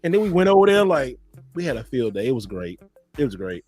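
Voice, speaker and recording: A man's voice: medium pitch, quick pace. A man hosting a casual podcast chat, telling stories animatedly and acting out quotes. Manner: animated storyteller, acts out quotes. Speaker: podcast host.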